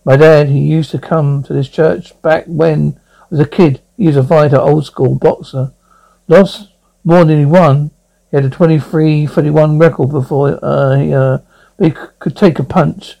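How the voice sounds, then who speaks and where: A man voicing a troubled young blind lawyer who talks in a halting, stammering way during confession. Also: on the high side, steady tone, creaky, mellow, poor audio. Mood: somber.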